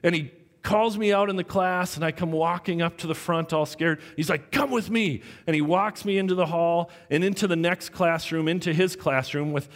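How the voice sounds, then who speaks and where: Guy preaching, high voice, acts out the voices in his story, big echoey hall. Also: moderate pace. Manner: animated storytelling, acting out quoted voices. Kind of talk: sermon with personal story. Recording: long hall reverb.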